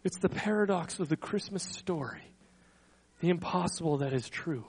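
A man's voice: on the high side, lively intonation, husky, low-quality recording. A man preaching a sermon, reading scripture with earnest emphasis and stumbling over words between quotes. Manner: earnest, slows and swells on scripture quotes, soft trailing endings; stumbles and repeats words when speaking freely. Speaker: pastor.

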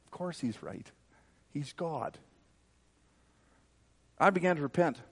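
A man's voice: on the high side, very animated, fast talker, gravelly. A man preaching a sermon, fervent and emphatic, telling a personal story.

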